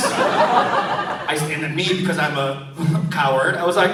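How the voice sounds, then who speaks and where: On a comedy club stage, a stand-up comedian tells self-deprecating stories and laughs between lines, with audience laughter in the background. His fairly high voice swings widely in pitch at a moderate pace, captured in a roomy, distant, very noisy live club recording.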